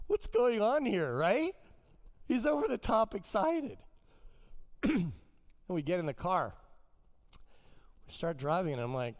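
A man preaching a sermon as pastor, telling stories with wide swings in pitch and loudness. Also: big pitch swings, unhurried, pauses often.

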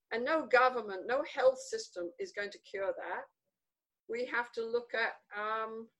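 An older woman, a guest in an interview, telling stories from her childhood in an animated, emphatic way. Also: on the high side, rough recording. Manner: animated, emphatic, repeats words for stress. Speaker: guest author. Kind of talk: conversational interview storytelling.

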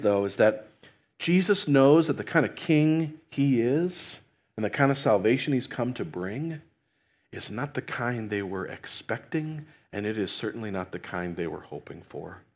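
A man's voice: fairly low pitch, a little mellow, breathy edge. A man preaching a sermon in a conversational way, often restarting phrases and checking in with "right?". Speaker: pastor.

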